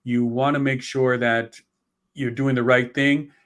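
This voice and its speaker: A man's voice: medium pitch, level tone, a little slow, fairly bright tone. A man, a guest author in a conversational interview, who rambles, restarts often and acts out complaining heirs. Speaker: author and guest on estate planning.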